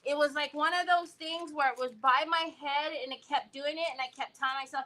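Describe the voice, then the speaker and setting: Woman, craft livestream host, casual chat, animated storyteller, highish voice, bright tone. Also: normal speed, a little hiss or hum, rough recording.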